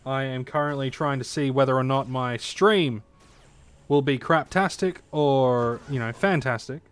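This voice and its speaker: He speaks in a clean, mid-range voice at a measured pace, streaming a game and chatting offhandedly with his audience. The chatter meanders, full of fillers and free-flowing profanity, recorded through a desk mic at his home streaming station.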